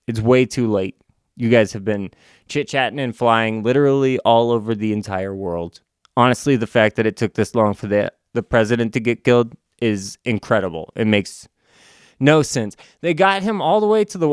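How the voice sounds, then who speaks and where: A man's voice: mid-range voice, clean tone, no echo. Male comic reviewer, rambling and wry, clean dry close recording. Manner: wry, rambling, self-interrupting. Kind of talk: casual comic review read-through.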